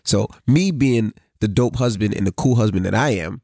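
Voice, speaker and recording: Low voiced guy chatting on a podcast, animated, curses a bit, dry close mic. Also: moderate pace, creaky, dry recording. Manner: animated storytelling, swearing, hums sound effects. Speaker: podcast co-host. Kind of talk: casual chat.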